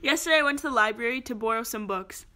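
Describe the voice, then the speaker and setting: A woman's voice: fairly high pitch, fast talker, sharp tone. A woman reading riddles aloud in casual chat with friends, joking, swearing and laughing often.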